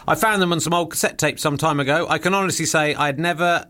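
A man's voice: fairly high pitch, fast, pushed and bright. A middle-aged man hosting a radio show, chatting casually on a studio mic with rambling, dry, teasing asides. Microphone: studio microphone.

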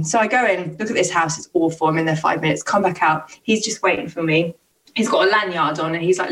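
A woman's voice: on the low side, fast talker. A young woman tells a rambling story in casual podcast chat. She swears a lot and trips over her words. Her voice sounds a little distant from the mic. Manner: animated, swears freely, lots of restarts. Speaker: podcast co-host telling stories.

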